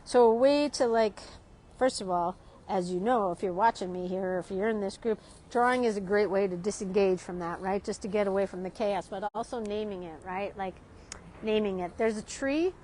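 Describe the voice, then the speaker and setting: A woman's voice: medium pitch, moderate pace, warm tone, slight background noise, low-quality recording. A woman talking casually and rambling while she sits at an outdoor café, often tagging her sentences with "right?". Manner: chatty, rambling, often adds "right?", laughs a lot. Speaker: art teacher vlogging. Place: outdoor street café in a city. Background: street ambience.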